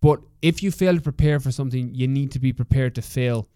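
A man's voice: mid-range voice, brisk, mellow, clear, resonant tone, no room sound, studio quality. A young adult man with an Irish accent hosting a motivational solo podcast, talking candidly and swearing freely in a coaching tone. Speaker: podcast host.

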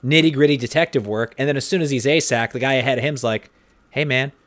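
A man's voice: mid-range voice, quick pace. Rambling casual man co-host. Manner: rambling, self-deprecating, many fillers. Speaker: podcast co-host. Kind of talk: casual chat recapping a TV episode.

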